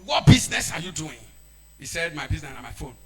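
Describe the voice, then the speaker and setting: A man with a Nigerian accent preaching a sermon, shouting and switching into Pidgin. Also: a little high, big pitch swings, quick pace, a crowd in the background.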